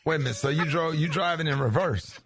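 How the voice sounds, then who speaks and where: A man's voice: a little high, fast, fairly bright tone, husky. A man hosting a morning radio show, questioning a caller in disbelief. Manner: incredulous, keeps questioning. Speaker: radio host.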